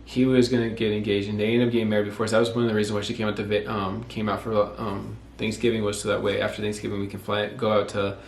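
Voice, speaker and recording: A man's voice: on the low side, level tone, fast talker, creaky, few pauses. A young man in his twenties casually telling how he and his wife got engaged, rambling and correcting himself as he goes. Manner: rambling, self-correcting, quotes himself often. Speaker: vlogger telling couple's story. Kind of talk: casual storytelling. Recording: echoey room with faint noise.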